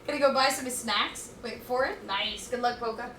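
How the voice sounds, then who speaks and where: High-voiced woman streamer cooking and chatting. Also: normal speed, a bit bright, echoey room, recorded from a distance, a little hiss or hum. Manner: chatty, reads chat aloud, scattered and playful. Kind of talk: casual chat while cooking. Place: home kitchen.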